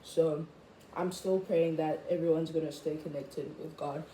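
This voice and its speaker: A woman in a casual rant to camera as a vlogger, chatty and full of "like", jumping high in pitch when she quotes herself. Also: steady tone, unhurried, warm tone. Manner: chatty, full of "like" and "I was just like". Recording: echoey room, faint background noise.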